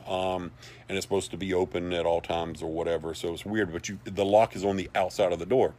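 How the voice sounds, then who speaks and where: Brief: a man with a lowish voice, hosting a casual livestream, folksy and rambling. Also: a little mellow. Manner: rambling and folksy, with many asides. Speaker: livestream host for a paranormal society. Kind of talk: casual storytelling and reading viewer comments.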